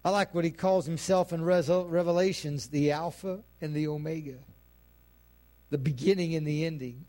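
A male pastor preaching a sermon, building to shouted climaxes and punctuating lines with amens. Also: on the high side, normal speed.

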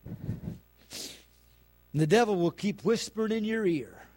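A male preacher delivering a sermon, building to fervent shouts and peppering his words with "amen.". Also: high voice, lively intonation, measured pace.

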